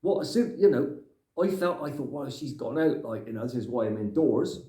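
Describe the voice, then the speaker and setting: A man's voice: mid-range voice, animated, moderate pace, dark tone, natural voice. A man playing a grumpy older Englishman who rambles and rants in a comic monologue, tagging his lines with "right?". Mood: grumbling. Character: grumpy older Englishman ranting about clutter. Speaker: comic character. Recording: echoey room.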